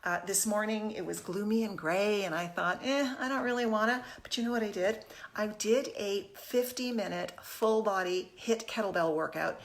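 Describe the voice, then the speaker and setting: A woman's voice: medium pitch, normal speed. A woman in her fifties hosting a casual live stream from her home kitchen on a phone camera, chatty and upbeat, greeting viewers as she talks. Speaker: fitness host.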